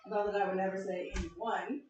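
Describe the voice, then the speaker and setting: A woman performing a deadpan, self-deprecating stand-up set on a comedy club stage, asking the crowd questions between jokes. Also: mid-range voice, fast, background noise. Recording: echoey club room from far off, crowd laughter. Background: audience laughing.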